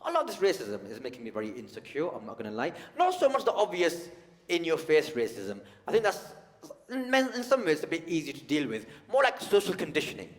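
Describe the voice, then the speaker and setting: Lively man doing stand-up. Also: on the high side, brisk. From United Kingdom. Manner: conversational, teasing, addresses the audience. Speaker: stand-up comedian. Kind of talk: stand-up comedy set. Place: large theatre stage. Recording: long hall reverb.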